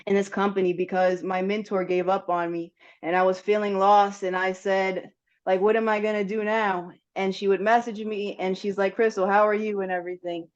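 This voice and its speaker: A young woman gives a heartfelt, faith-filled motivational talk over a video call. Her voice sits mid-range, and the audio is slightly muffled. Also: medium pitch. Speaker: guest speaker on a team call.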